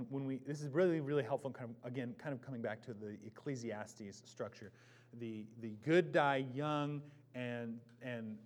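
A man preaching a sermon, swinging between loud emphatic declarations and quiet, close asides. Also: mid-range voice, slight background noise. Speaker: pastor.

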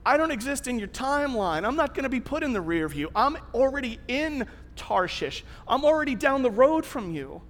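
A man voicing God as a calm, all-knowing presence, speaking in a hushed, unhurried, knowing tone. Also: extremely high pitch, long reverb tail, exaggerated voice.

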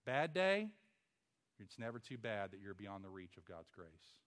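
A man preaching a sermon as pastor, emphatic, with rhetorical questions and swings from loud to hushed. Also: on the low side, very animated, a little slow.

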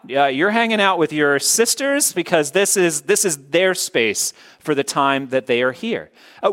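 A man's voice: fairly high pitch, fairly bright tone. A male pastor preaching a sermon, stressing his points by repeating key words.

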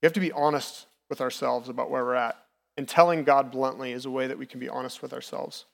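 A man's voice: mid-range voice, steady tone, fast, creaky. Candid man preaching in a reverberant hall. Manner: candid, personal, conversational preaching. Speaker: lay preacher. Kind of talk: sermon.

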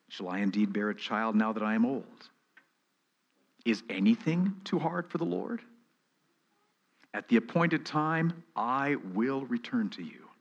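Male pastor, mid-pitched voice, expository sermon, emphatic, quizzes his listeners, solemn scripture reading. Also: a bit bright. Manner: emphatic, asks the listeners rhetorical questions; reads scripture aloud slowly and solemnly.

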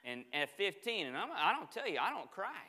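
A man preaching a sermon as pastor, telling stories in an animated way and acting out the dialogue. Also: high voice, fairly quick, big-room sound. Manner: animated storytelling, acts out dialogue. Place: church sanctuary.

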